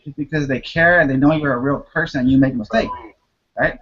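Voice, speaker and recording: Animated man on lo-fi call audio. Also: fairly high pitch, quick pace, husky. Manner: energetic, animated, jumps into excited put-on voices. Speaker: guest marketer. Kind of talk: casual group call. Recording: dull lo-fi audio.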